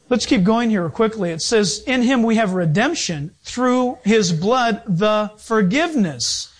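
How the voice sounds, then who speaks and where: A man preaching a sermon as pastor, emphatic and animated, with sudden shifts in pace. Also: high-pitched.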